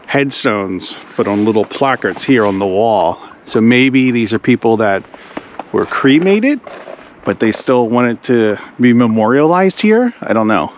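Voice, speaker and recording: A man's voice: mid-range voice, a little hiss or hum, low-quality recording. A man casually vlogging while strolling through a snowy cemetery, rambling and thinking aloud with lots of "like". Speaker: travel vlogger. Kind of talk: casual walking vlog. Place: snowy cemetery outdoors in winter.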